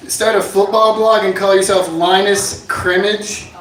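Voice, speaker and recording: High-voiced stand-up man in a bar. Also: measured pace. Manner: jokey deadpan one-liners, bursts into shouted bits. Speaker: stand-up comedian. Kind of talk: stand-up comedy set. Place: inn bar with live audience. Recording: echoey bar room from far off.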